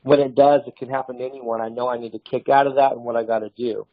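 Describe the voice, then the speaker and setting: A man's voice: mid-range voice, fast talker, dry recording. Man telling sales stories, dry lo-fi sound. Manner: storytelling, animated with restarts. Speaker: sales trainer. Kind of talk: casual motivational talk.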